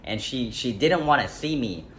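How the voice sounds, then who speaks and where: A man's voice: mid-range voice, animated, normal speed, a bit bright. A young man telling a personal story in a casual vlog, rambling and correcting himself with lots of fillers. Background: faint street ambience, passing traffic.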